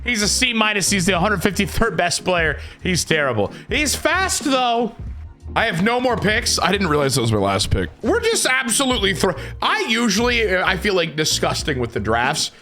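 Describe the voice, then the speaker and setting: A man commenting on his own video game play, excitable and dramatic, swinging from shouts to groans. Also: sits high, normal speed, soft background music. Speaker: gaming YouTuber.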